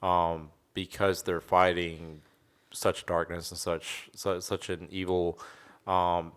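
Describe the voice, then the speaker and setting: A man's voice: sits low, little pitch movement, slow pace, fairly bright tone, clean tone. A man co-hosting a podcast, talking earnestly in a casual chat with many fillers. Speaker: podcast co-host.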